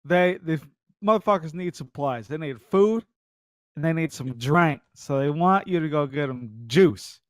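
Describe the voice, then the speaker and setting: Man, podcast co-host, animated, swearing, sick, slightly high voice, dry close mic. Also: measured pace, no room sound. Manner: animated storyteller, swears a lot, does mocking voices. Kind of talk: casual gaming podcast chat.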